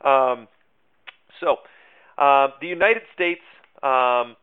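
A man's voice: medium pitch, drawn-out words, clean tone. Male teacher, casual lecture style with filler words and wry asides; thin, phone-like recording. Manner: chatty, self-mocking asides, many fillers. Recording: tinny phone-like sound.

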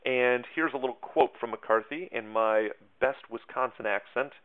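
Male teacher hosting a podcast, chatty and jokey, medium-pitched voice, phone-like lo-fi sound. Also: moderate pace, clear, resonant tone. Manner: chatty, self-deprecating jokes, many fillers. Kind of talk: casual spoken history lesson. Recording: tinny phone-like audio.

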